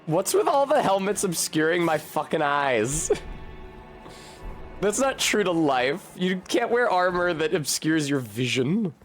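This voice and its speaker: Man, casual gameplay commentary, slightly high voice, rambling and profane, faint game music behind. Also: very animated, slow pace. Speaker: streamer.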